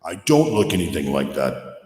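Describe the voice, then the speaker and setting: A man's voice: sits low, very animated, normal speed, darkish tone, reverberant, big-room sound, pitched below the performer's own voice. A man voicing Satan as a petulant, vain figure who complains in indignant questions. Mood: whiny. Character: whiny petulant Satan, vain and easily hurt.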